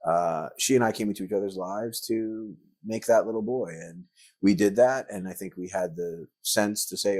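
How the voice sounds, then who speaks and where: A man's voice: on the low side, moderate pace, a little mellow, no room sound. A middle-aged man, a guest on a podcast interview, telling rambling anecdotes full of filler words. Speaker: guest, actor and filmmaker.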